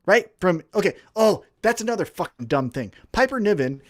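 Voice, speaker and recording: A high-voiced man rants with heat, his pitch leaping all over as he swears his way through a complaint. He sounds like a podcast co-host in full flow. The sound is dry and close. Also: sing-song, normal speed, no echo. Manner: heated, profane, ranting. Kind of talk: profane wrestling podcast rant.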